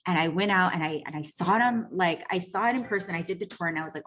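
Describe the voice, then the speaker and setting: Chatty, swearing woman coach with a lowish voice. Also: fairly quick, hardly any pauses. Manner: chatty and profane, full of "like" and "right?"; animated, acts out quoted voices. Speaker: personal growth coach. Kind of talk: casual storytelling monologue.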